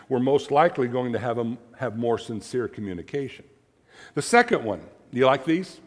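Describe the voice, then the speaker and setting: A middle-aged man preaching a sermon as pastor, animated and repeating words for emphasis. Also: medium pitch, moderate pace. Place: church sanctuary. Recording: long church reverb.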